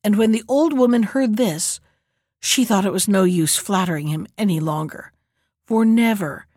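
A woman reading a fairy tale aloud as storyteller, calm and measured. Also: medium pitch, dry recording, studio quality.

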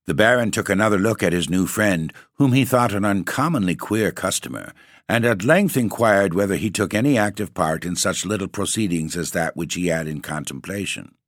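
A man narrating a classic ghost story in a theatrical, measured reading. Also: deep voice, expressive, dry recording, clean studio sound.

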